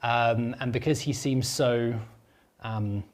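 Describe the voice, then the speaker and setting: A man's voice: mid-range voice, steady tone, slow pace, a little hiss or hum. A man co-hosting a gaming podcast, speaking thoughtfully and hesitantly in casual discussion. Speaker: podcast co-host.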